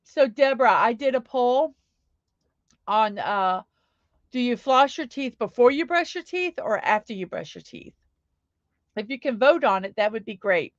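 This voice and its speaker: A woman's voice: fairly high pitch, expressive, a little slow, dry recording, highs cut off. A middle-aged woman hosting a casual home livestream, chatty and upbeat, reading viewers' comments aloud. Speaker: livestream host.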